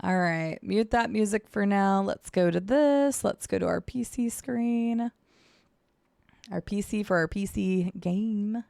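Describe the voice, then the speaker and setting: A woman's voice: mid-range voice, slow, vocal fry, a little mellow, dry recording, clean studio sound. A woman livestreamer chatting casually with her viewers while she sets up her stream and thinks aloud. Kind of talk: casual charity stream chat.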